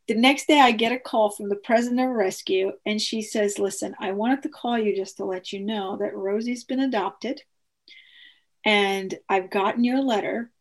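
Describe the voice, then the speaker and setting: A woman telling a personal story in an earnest, animated way, acting out the dialogue with frequent restarts. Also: medium pitch, normal speed.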